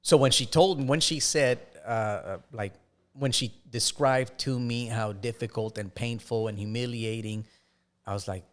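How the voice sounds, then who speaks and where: A man, a podcast guest, telling his life story in a casual, halting way with frequent restarts. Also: mid-range voice.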